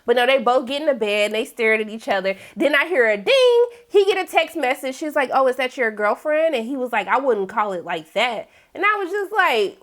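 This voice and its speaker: A young woman giving a casual TV episode recap, animated and acting out characters with exaggerated reactions. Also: sits high, a little fast, few pauses. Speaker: TV recap host.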